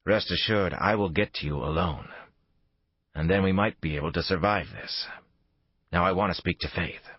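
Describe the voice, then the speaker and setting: A calm, persuasive lobbyist, voiced by a male narrator. He talks in a measured, deliberate way, with a deep, husky tone. The recording is dry and a little dull. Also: dry recording.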